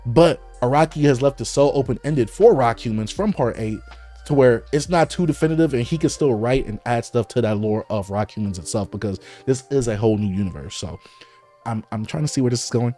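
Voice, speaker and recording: A man hosting a casual live read-along, thinking aloud and jumping excitedly into speculation. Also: medium pitch. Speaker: host reading comics aloud.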